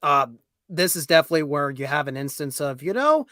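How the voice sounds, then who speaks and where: Guest guy on a review stream, bit higher voice, dry close sound, wry asides. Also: sing-song, brisk, a bit bright, dry recording. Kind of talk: casual live show review.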